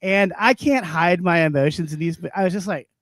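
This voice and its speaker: Here a male livestream co-host swaps stories with profanity, rants and plenty of laughs in loose comedic conversation. He has a high, slightly bright voice and talks a little fast, with no room sound.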